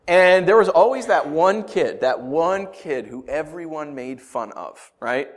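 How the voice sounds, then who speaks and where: A man's voice: fairly high pitch, very animated, takes it slowly, fairly bright tone. A middle-aged man preaching a sermon, reading scripture and then explaining it in a loose, conversational way with asides and jokes. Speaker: pastor.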